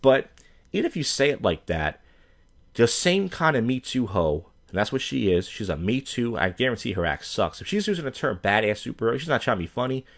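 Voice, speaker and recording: A man's voice: mid-range voice, very animated, brisk, a bit bright. A man, an open mic comedian, ranting to camera in a crude, rambling way, swearing constantly and full of fillers and restarts. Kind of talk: profane rambling rant to camera.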